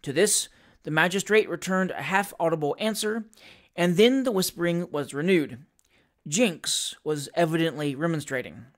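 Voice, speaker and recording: Audiobook reader, classic novel, calm even narration. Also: mid-range voice, moderate pace.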